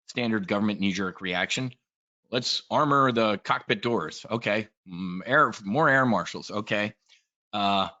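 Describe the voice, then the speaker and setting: A man's voice: lowish voice, pushed and bright, muffled recording. A man giving a casual, blunt and profane trade briefing, talking in a rambling way as a trading educator.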